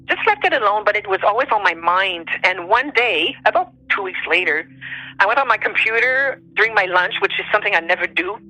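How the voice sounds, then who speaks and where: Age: unknown. Sex: woman. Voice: bright, earnest storyteller. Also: mid-range voice, lively intonation, a little fast, no echo, rough recording. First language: French. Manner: earnest, heartfelt, plainly emotional. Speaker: guest telling a true story. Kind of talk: personal storytelling.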